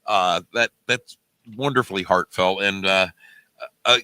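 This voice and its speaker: A man's voice: sits low, measured pace, dry recording. A man hosting a live call-in show, effusive and full of laughter, thanking a caller. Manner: effusive, warm-hearted, laughing. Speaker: host.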